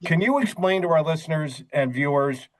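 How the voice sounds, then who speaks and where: A middle-aged man hosting an interview podcast, telling stories in an animated, emphatic way with frequent asides. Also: fairly high pitch, normal speed, low-quality recording. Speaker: podcast host. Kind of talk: conversational interview.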